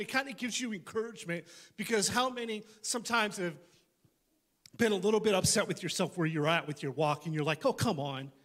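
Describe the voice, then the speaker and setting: Man, pastor, live church sermon, high voice, animated, restarts, joking asides. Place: church service before a congregation.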